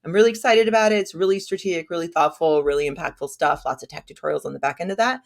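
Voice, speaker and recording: A woman with a deep, gravelly voice talks at rapid-fire speed. A native Spanish speaker, she's a guest in a casual podcast conversation, self-deprecating and full of filler words.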